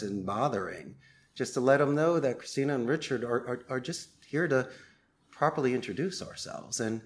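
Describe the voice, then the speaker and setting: A man's voice: medium pitch, a little hiss or hum. A man, a call center owner, speaking as a podcast guest with an upbeat, persuasive salesman's delivery. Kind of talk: conversational interview.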